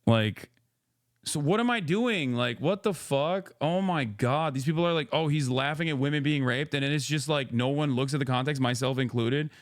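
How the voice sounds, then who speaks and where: A male streamer rants on his live stream, swearing and restarting sentences in exasperated disbelief. His pitch sits in the middle range, and the close sound is dry. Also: moderate pace, dry recording. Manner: exasperated, profane, incredulous; rambling with frequent restarts. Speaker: streamer host. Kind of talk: reaction stream rant.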